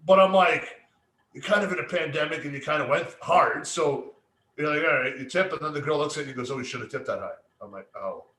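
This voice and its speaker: A slightly high, sharp male voice moves fairly quickly through casual podcast stories recorded in an echoey room. The co-host swears plenty and acts out what people said.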